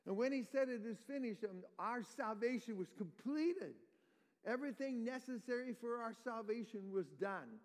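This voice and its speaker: Pastor, male, high voice, teaching sermon with questions to the pews, long church reverb. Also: animated, moderate pace. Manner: explains verse by verse, quizzes the congregation. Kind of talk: expository sermon.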